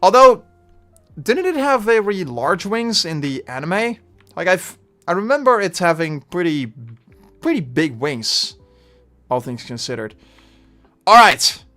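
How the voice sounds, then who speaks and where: A man with a Dutch accent chatting through a live game stream, rambling and getting loudly frustrated at times. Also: sits high, very animated, unhurried, soft background music. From Netherlands. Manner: chatty, bursts of frustration, trailing off.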